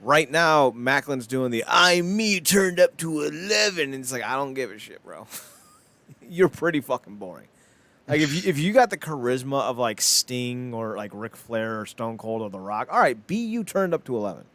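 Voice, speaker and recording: A man's voice: medium pitch, very animated, normal speed, fairly bright tone. Podcast co-host, man, middle voice, loose and profane, rambles through his takes. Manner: rambling, blunt and profane, with frequent "like" fillers. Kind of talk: casual chat.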